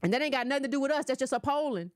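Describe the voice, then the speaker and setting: Sassy scolding woman, high and lively. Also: very fast, no echo, clean studio sound. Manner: sassy, scolding, rhetorical questions. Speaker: political commentator. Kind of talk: casual political monologue.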